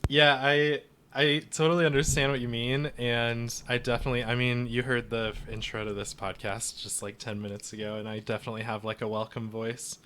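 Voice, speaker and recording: A man's voice: mid-range voice, flat delivery, brisk, few pauses, bright, forceful tone, slight background noise. A man hosting a podcast interview in an easy, encouraging way, laughing often. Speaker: podcast host. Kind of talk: casual interview chat.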